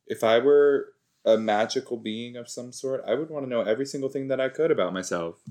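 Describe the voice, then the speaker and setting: A man's voice: medium pitch, fairly quick, darkish tone. A man hosting a rewatch podcast, giving rambling, jokey reaction commentary that often trails off.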